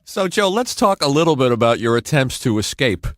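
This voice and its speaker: A man's voice: medium pitch, very animated, fairly quick, no room sound. A male podcast co-host prompting a guest with questions and cues. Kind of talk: podcast interview.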